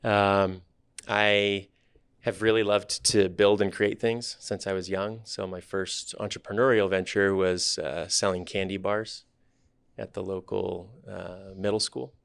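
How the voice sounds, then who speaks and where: Low gravelly man telling his story. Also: unhurried, no room sound. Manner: relaxed storytelling, thoughtful, candid. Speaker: startup CEO guest. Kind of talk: podcast interview.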